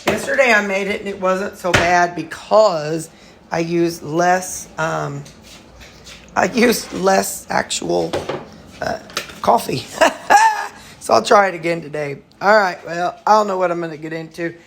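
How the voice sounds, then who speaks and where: A woman's voice: fairly low pitch, unhurried, creaky, noisy background. A woman vlogging casually at home, rambling through her chores and morning routine while talking to her dogs. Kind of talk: casual home vlog chat. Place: at home, kitchen and storage room.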